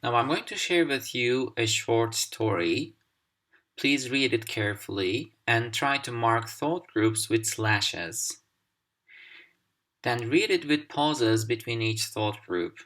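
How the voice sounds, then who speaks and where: A man whose first language is Turkish, teaching a recorded English pronunciation lesson in a deliberate, clearly articulated manner. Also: mid-range voice, a bit bright. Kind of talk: instructional video lesson.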